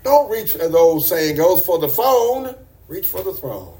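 High-voiced man preaching emphatically. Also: very animated, a little slow, mellow. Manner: emphatic, repeats words for stress. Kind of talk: sermon.

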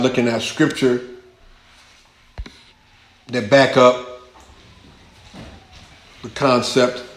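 A man preaching a sermon, teaching scripture with emphasis and asking the congregation questions. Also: medium pitch. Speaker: pastor. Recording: echoey church hall.

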